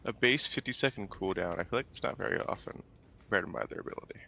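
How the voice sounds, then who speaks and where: A man's voice: on the low side, quick pace, gravelly, pushed and bright, a little hiss or hum. A young man playing a co-op game with friends, chatting casually and rambling about his build. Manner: rambling, self-deprecating. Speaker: co-op player. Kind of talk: casual gaming chat.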